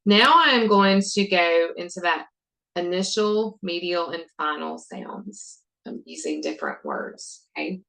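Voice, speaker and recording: A woman teacher modeling a phonics lesson for other teachers, sounding out words and repeating prompts deliberately. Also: fairly low pitch, big pitch swings, fairly bright tone, poor audio. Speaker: reading intervention teacher.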